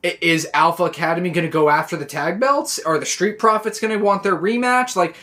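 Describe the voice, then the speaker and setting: A man recapping a wrestling show in a casual, excitable, rambling way, full of "like" and restarts. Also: sits high, a little fast. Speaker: wrestling reaction vlogger.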